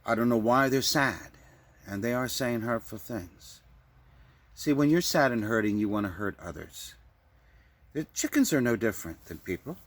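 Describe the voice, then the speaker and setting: A man's voice: mid-range voice, lively intonation, normal speed. A man delivering a rambling, improvised comic monologue, often stammering and repeating words. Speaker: vlogger.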